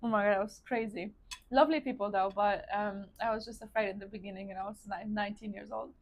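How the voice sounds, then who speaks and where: This Polish vlogger talks quickly in a mid-range voice with fairly even intonation, sharing her own story as she eats on camera indoors. She's casual and chatty, addresses her audience as "guys," and drops plenty of "likes," all in a Polish accent.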